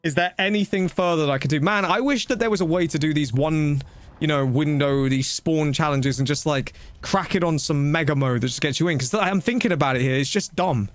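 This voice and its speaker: A man chatting casually while streaming a game, rambling and breaking into quick exclamations. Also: on the high side, no room sound. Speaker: gaming streamer. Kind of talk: casual live-stream commentary.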